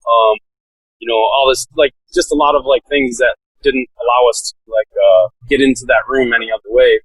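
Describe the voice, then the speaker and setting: A man's voice: medium pitch, fairly even intonation, moderate pace, fairly bright tone, breathy edge, no room sound, rough recording. A man telling a story in a casual, laid-back way, full of "like" fillers and laughing now and then. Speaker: podcast guest, SWAT officer.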